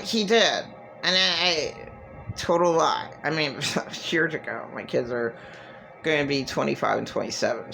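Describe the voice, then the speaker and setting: A woman's voice: extremely low pitch, vocal fry, rough recording. A middle-aged woman giving an emotional monologue to camera, agitated and profane, repeating herself and restarting her sentences. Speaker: vlogger.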